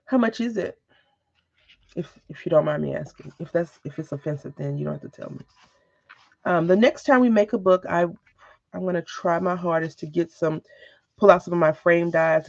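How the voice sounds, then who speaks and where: A woman's voice: deep voice, normal speed, creaky, darkish tone, no room sound, highs cut off. A woman hosting a casual crafting video, chatting with viewers in a rambling way and mimicking others. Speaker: crafting channel host. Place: home craft room.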